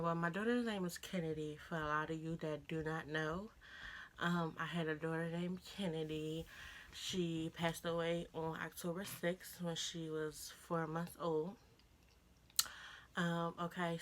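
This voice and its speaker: A young woman talking casually to camera in a vlog, pausing often and getting choked up. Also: fairly low pitch, slight background noise. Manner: informal, pausing, soft laughs. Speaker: vlogger.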